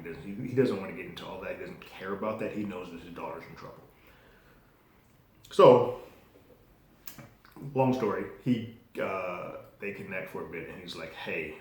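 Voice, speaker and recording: A man hosting a show, giving a casual, animated recap and review of a TV episode, acting out the characters' lines and swearing freely. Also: deep voice. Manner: animated retelling with acted-out quotes, swears, loose restarts. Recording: very echoey room, faint noise.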